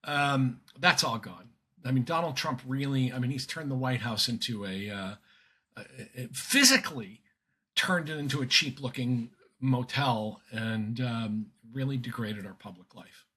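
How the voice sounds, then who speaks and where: Bright, husky older man, emphatic. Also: mid-range voice, a little slow. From United States. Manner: earnest, emphatic, with frequent restarts and fillers. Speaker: guest commentator. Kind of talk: conversational podcast interview.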